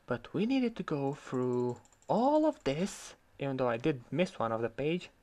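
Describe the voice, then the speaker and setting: A man's voice: mid-range voice, very animated, unhurried, darkish tone. Heated man ranting. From Croatia. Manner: heated, sarcastic, swears freely. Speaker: vlogger. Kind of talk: ranting commentary on an online argument.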